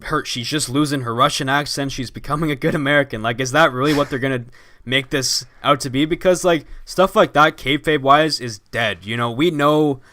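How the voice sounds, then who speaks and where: A man's voice: medium pitch, brisk, bright, forceful tone, dry recording. A young man co-hosting a podcast, chatting casually with wry jokes and rambling asides. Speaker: podcast co-host. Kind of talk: casual wrestling chat.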